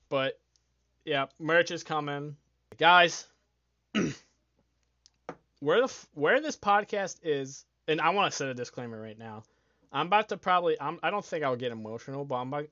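Young male podcast host, loose and excitable, swears freely, slightly dull dry mic. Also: medium pitch, no room sound. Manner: rambling, swears a lot, excitable, laughs often. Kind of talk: casual solo podcast chat.

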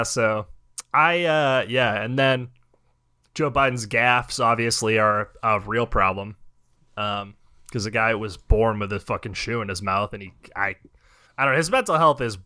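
A man's voice: lowish voice, unhurried, pushed and bright, clean tone. A young man hosting a podcast, ranting in heated, profane casual chat. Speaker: podcast host.

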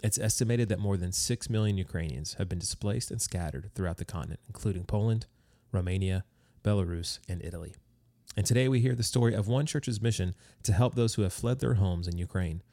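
A low, brisk, dark-toned male voice is heard with no room sound. He's an American podcast host conducting an interview in a friendly, easygoing way, full of fillers and restarts.

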